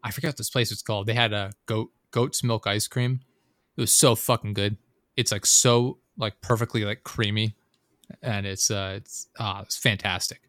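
A man's voice: lowish voice, fairly even intonation, normal speed, a bit bright, no echo, clean studio sound. A young man in casual chat, telling a rambling, profane story full of fillers and asides.

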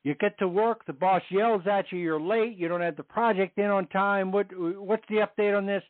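A man's voice: sits high, fairly even intonation, normal speed, no echo. Earnest man on a tinny phone line. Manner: earnest, repeats phrases for emphasis. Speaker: guest on a Catholic radio show. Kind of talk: testimony and teaching on faith.

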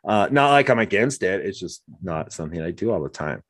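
A low-voiced man in his forties from Wyoming, hosting a relaxed chat. He tells his stories with animation, jumping into the voices of the people he quotes. His voice sounds dry and close, with no room around it. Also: a little fast, no echo. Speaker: podcast host. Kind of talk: casual conversation.

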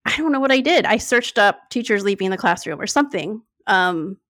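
A woman's voice: mid-range voice, expressive, fairly quick, fairly bright tone, no echo, clean studio sound. A woman, a former teacher, talking as a podcast guest in earnest, heartfelt casual chat.

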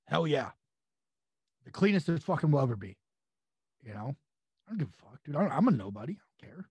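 Gravelly, profane man telling stories. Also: a little high, fast, long pauses, dry recording. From California. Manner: profane, rambling, animated anecdotes. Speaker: wrestling guest. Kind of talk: casual podcast storytelling.

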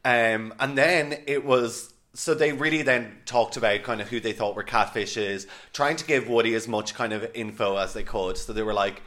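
A man's voice: on the low side, fairly even intonation, moderate pace, few pauses, a bit bright. Chatty swearing male podcast host. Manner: chatty, swears freely, many "like" fillers. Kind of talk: casual chat.

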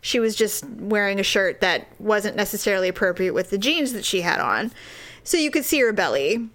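A woman casually telling a story, exasperated and animated, acting out the people in it. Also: mid-range voice, normal speed. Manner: animated, exasperated, acts out voices.

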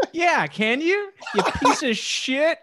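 A man's voice: very high voice, background noise, full character voice. A man voicing an awkward, eager young son who rambles and hesitates in an improvised comedy sketch. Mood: jeering. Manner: rambling, hesitant, with filler words.

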